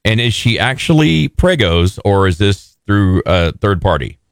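A man hosting a radio morning show, trading jokes and quick quips with his co-host. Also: fairly low pitch, very animated, dry recording, clean studio sound. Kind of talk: casual morning radio banter. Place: radio studio.

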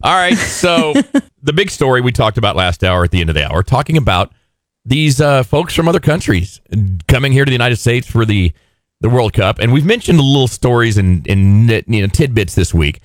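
A man's voice: medium pitch, sing-song, moderate pace, dry recording, studio quality. A male radio show host from Texas, chatting casually and joking with lots of laughter. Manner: laughing, jokey. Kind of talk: casual chat.

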